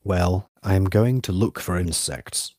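A man's voice: deep voice, takes it slowly, a little mellow, no echo, studio quality. A man reading the part of a male schoolteacher who collects insects, answering defensively and insistently.

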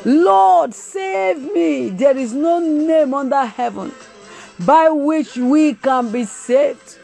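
A woman evangelist delivers a sermon to an online congregation in a high voice. She preaches slowly, stretching out and repeating each phrase for emphasis and breaking into tongues. Faint music plays underneath. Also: mellow. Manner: slow, drawn-out emphatic preaching with repetition and bursts of tongues; punctuates phrases with "eh". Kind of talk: livestreamed sermon.

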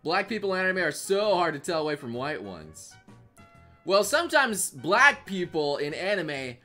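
Lively, stammering American man streaming. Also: high voice, moderate pace, soft background music. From United States. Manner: excitable, stammering restarts, crude swearing. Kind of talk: livestream reaction commentary.

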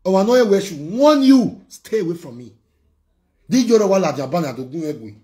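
A man's voice: high-pitched, sing-song, brisk, dark tone. A man with a Nigerian accent, a blogger ranting heatedly, scolding and warning in a vlog.

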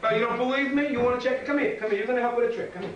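A man's voice: extremely high pitch, steady tone, very fast, a bit bright, dull audio. A man performing as a clown entertainer, telling a playful story and doing a magic trick for children, chatty and teasing. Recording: echoey, distant, noisy venue.

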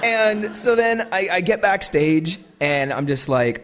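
A man's voice: high-pitched, lively intonation, slow, hardly any pauses, a bit bright. A man in his thirties with an American accent, telling a comic, self-deprecating story to a live audience and acting out the dialogue. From United States. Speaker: guest speaker.

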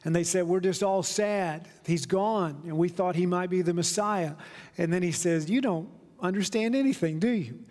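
A man preaching from the pulpit, telling stories and now and then slowing down for emphasis. His voice sits high, and the church hall around him carries a long reverb. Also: darkish tone. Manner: storytelling preacher, slows down for emphasis. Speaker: pastor. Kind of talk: sermon. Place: church sanctuary.

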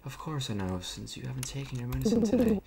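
A man's voice: mid-range voice, huge pitch swings, fast, vocal fry, a crowd in the background, pitched above the performer's own voice. Tired strict mom scolding her kid, guy reading her lines, game noise behind. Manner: scolding, dismissive. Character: stern, weary mother scolding her child.

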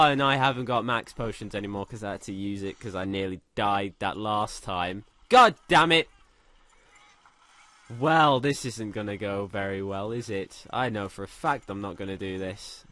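A young man doing let's play commentary, excitable, swearing a lot and shouting when thrilled. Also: medium pitch. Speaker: gaming commentator.

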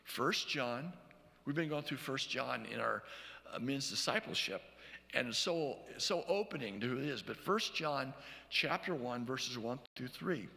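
A man preaching a sermon as pastor, teaching verse by verse, often checking in with "okay?" and reading scripture slowly. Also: medium pitch, expressive, creaky, bright, forceful tone, long reverb tail. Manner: reads scripture aloud slowly.

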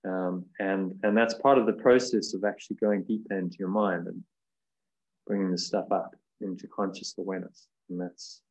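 Meditation teacher, male, lower register, gentle and unhurried, video call. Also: fairly even intonation, low-quality recording. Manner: gentle, unhurried, thinking aloud with fillers. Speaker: meditation course leader.

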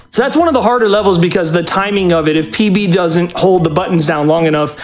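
A man's voice: high-pitched, fairly quick, hardly any pauses, soft background music. A man at a live speedrun marathon, giving doting, coaxing commands to his dog while explaining the game.

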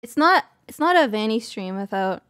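Teasing young woman streamer, higher voice. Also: expressive, moderate pace, background noise. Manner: teasing, giggly, relays viewer chat. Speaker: streamer host. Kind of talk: casual chat while gaming.

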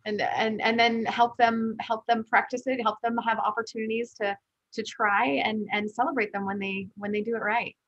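Woman host, earnest conversational interviewer, husky and slightly high, dry lo-fi sound. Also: little pitch movement, moderate pace, a bit bright, dry recording. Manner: earnest, repeats words as she thinks aloud. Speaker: podcast host.

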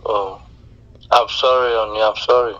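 Guy on the phone begging her to hang on, bright edgy voice, muffled line. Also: on the low side, fairly even intonation, moderate pace. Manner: pleading, keeps asking her to hold on. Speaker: scam caller.

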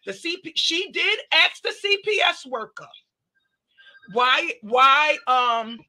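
A woman hosting a casual commentary chat, recounting events and acting out what others said. Her voice sits mid-pitch but rings bright and forceful. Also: unhurried. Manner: animated retelling, quoting others. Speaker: commentary channel host.

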